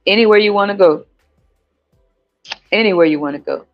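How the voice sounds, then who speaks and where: A man with an American country accent hosting a casual livestream chat, animated and profane, laughing often and jumping into high squeals. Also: normal speed. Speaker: podcast host. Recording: dull lo-fi audio with faint music.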